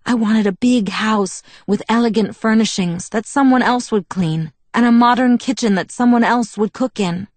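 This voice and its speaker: A woman's voice: on the high side, normal speed, few pauses, darkish tone, no room sound, lightly acted. A woman voicing a proud, bitter young woman vampire who tells her past in a wistful, self-mocking way, in an audiobook. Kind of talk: audiobook character reading.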